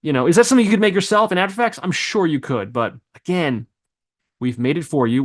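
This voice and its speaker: A man teaching video editing software, thinking aloud as he clicks through presets, with loose asides and exclamations. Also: a little high, fast. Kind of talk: screen-recorded software tutorial.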